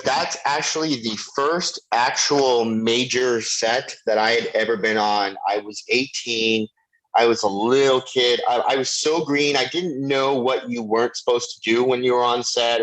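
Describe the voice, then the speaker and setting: A middle-aged man, a guest actor, telling a lively anecdote and acting out the voices of the people in it. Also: mid-range voice, low-quality recording. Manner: animated storyteller, acts out quoted voices. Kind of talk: anecdotal storytelling.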